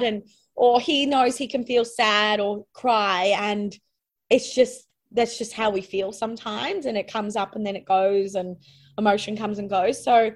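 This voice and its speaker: A woman's voice: a little high, steady tone, moderate pace. Woman, earnest, reflective, candid interview talk, restarts her sentences. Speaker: podcast guest.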